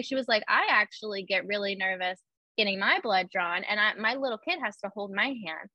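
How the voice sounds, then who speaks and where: A woman's voice: mid-range voice, lively intonation, fast, sharp tone, no echo. A young woman chatting casually and telling personal stories, full of "like" fillers and acting out her own quotes. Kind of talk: casual chat.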